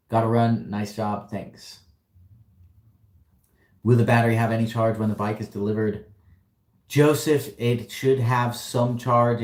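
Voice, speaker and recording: A man's voice: on the low side, a little mellow, reverberant. A man hosting a casual livestream Q&A, upbeat and slangy, reading out viewer questions and answering them. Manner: upbeat, slangy, laughs often. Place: warehouse.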